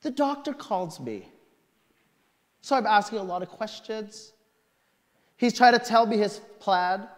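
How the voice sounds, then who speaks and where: A male pastor preaching a sermon through a personal story, swinging from quiet asides to outright shouting. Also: high-pitched, animated, measured pace, pauses often. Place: church sanctuary. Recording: long reverb of a church hall.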